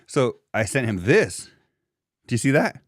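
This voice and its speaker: A man's voice: medium pitch, very animated, unhurried, dry recording, clean studio sound. A young man co-hosting a podcast, telling a rambling, profane story in casual chat, full of fillers and asides. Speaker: podcast co-host.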